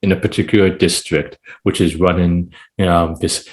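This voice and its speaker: A man guesting on a podcast as a poet, talking in a rambling, animated way full of "it's like, you know". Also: low voice, moderate pace. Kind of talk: casual podcast chat.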